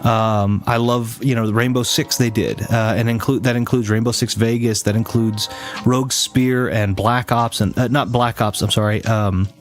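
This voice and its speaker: A man's voice: medium pitch, fairly even intonation, moderate pace, soft background music. Rambling man chatting on a stream. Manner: rambling, many restarts and fillers; chatty, teasing chat. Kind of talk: casual live-stream chat.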